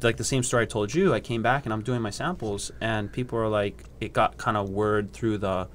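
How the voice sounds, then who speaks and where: A young man from Hawaii, a surfer and scientist, is a podcast guest telling easygoing surf stories, doing other people's voices and laughing often. He speaks fairly quickly in a voice on the low side, and the audio carries a little hiss or hum.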